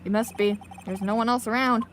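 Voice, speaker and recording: A woman voicing a calm, wry young male lawyer in a measured tone while reading a game aloud. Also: fairly high pitch, slight background noise, pitched below the performer's own voice, lightly acted. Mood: dry.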